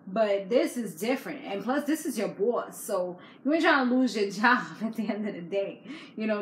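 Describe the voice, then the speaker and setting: A woman vlogger recapping a reality TV episode in a chatty, slangy way, laughing often. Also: mid-range voice. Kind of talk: casual chat. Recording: echoey room with faint background noise.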